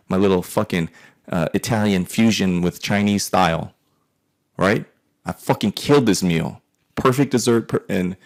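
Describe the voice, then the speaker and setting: Deep gravelly man in his forties. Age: 40s. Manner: profane, rambling, wry. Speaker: artist telling a personal story. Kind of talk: casual storytelling monologue.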